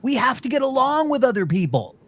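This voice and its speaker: High, animated ranting man. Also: brisk, a little hiss or hum. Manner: profane, exasperated ranting. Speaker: podcast host. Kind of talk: casual ranting chat.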